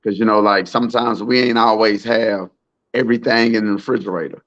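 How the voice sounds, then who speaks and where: A man's voice: lowish voice, brisk, dry recording, dull audio. A man from Alabama, a private chef telling stories in a laid-back, casual way. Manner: laid-back, relaxed storyteller. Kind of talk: casual storytelling chat.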